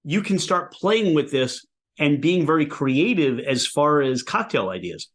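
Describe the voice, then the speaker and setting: A man's voice: on the high side, a little slow. A man hosting a podcast, chatting enthusiastically and in detail about a drink he is tasting. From Pennsylvania, USA. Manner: enthusiastic, animated tasting talk. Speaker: podcast host. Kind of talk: casual interview chat.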